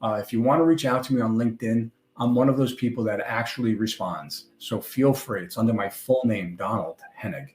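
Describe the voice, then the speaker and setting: An older man with a New York accent is giving a conference presentation from a stage. He talks in a loose, conversational way, tossing in small jokes and asides, at a middle pitch. His voice rings out in a roomy hall. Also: fairly quick, hardly any pauses, darkish tone. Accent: New York (Long Island). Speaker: conference speaker. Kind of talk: presentation talk.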